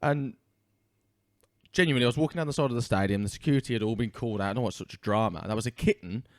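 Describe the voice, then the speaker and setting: A man's voice: mid-range voice, racing, dry recording, clean studio sound. A man co-hosting a podcast, telling stories in casual, sweary chat. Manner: chatty storyteller, sweary. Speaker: podcast co-host.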